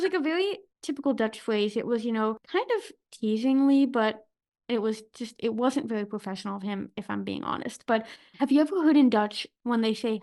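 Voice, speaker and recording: Laughing, animated woman podcast host. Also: on the high side. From United States. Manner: animated storyteller, laughs often, many "like" fillers. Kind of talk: casual interview chat.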